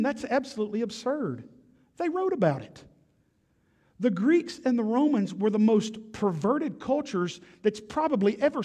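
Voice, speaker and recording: A man preaching a sermon as a pastor, emphatic and loud, firing off rhetorical questions to his congregation. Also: high voice. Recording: long reverb of a large hall.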